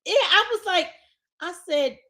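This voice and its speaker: A woman's voice: very high-pitched, measured pace. A woman hosting a podcast in casual chat, venting bluntly with lots of swearing and laughing at her own stories. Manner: animated venting. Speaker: podcast host.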